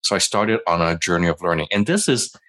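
A physician in his forties tells a self-deprecating story in a relaxed podcast interview. His voice sits very low. He slips into the voices of the people he quotes as he goes. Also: fairly quick. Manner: candid, self-deprecating, acts out quoted dialogue.

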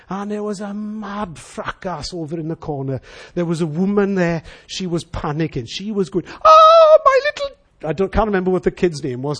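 A man's voice: on the high side, husky. A middle-aged Welsh man preaching a sermon, telling stories and acting out the voices of the people in them. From Wales. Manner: animated storyteller acting out voices. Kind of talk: sermon with storytelling.

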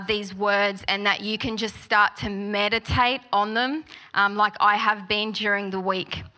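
Woman, middle-aged, preacher, sermon, unhurried delivery, bright tone. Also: medium pitch. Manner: warm, personal storytelling with gentle laughs; slow, unhurried reading of scripture.

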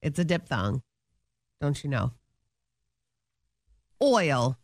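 A woman co-hosting a radio show, bantering playfully with quick, exasperated comebacks. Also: mid-range voice, sing-song, fairly bright tone, dry recording, clean studio sound. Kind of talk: casual morning-show banter.

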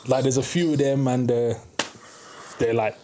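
A man's voice: medium pitch, normal speed, noisy background. A young man telling a story in casual podcast chat, acting out the voices of the people in it and often laughing. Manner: animated storyteller, acts out voices, breaks into laughter. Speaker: podcast co-host.

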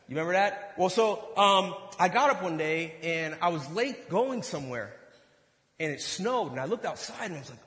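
A man preaching a sermon, telling a personal story and acting out the dialogue with lively energy. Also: on the high side, brisk, reverberant, big-room sound. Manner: animated storytelling, acts out dialogue. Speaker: pastor.

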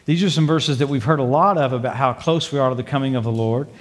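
A man's voice: medium pitch, quick pace. An older man in his sixties preaching a sermon to a congregation in a church, folksy and humorous, dropping in praise and amens between stories, then leading a prayer. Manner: folksy, humorous storytelling with frequent praise interjections. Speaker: pastor. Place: church sanctuary before a congregation.

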